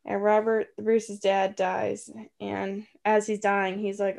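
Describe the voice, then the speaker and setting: A woman casually retelling a film plot, tossing in quick offhand voices for the characters. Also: mid-range voice, completely flat delivery, vocal fry, a little mellow. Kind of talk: casual chat.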